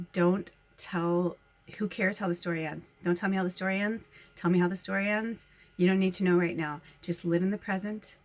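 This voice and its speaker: A woman medium talking casually to her followers, rambling and chatty, often breaking into laughter. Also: lowish voice. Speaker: spiritual medium and channel host.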